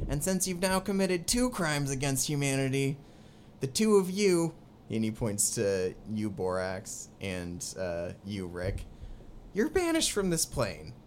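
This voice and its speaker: A woman voicing a gruff, fussy male dwarf official who sputters out accusations, with faint noise behind. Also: very deep voice, sing-song, measured pace, exaggerated voice. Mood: stern.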